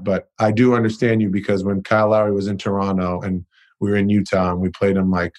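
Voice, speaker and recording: A young man with a fairly low voice talks as a podcast guest in a loose, unguarded way. He swears freely and leans on lots of "you know" and "like". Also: level tone, fast, a little mellow. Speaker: guest, pro basketball player. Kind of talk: casual interview chat.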